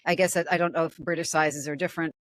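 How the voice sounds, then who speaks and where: A woman's voice: sits low, fairly even intonation, fast, dry recording. A woman hosting a casual podcast, reading odd news stories aloud and laughing at them. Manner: amused, laughs often, comments while reading. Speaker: podcast host.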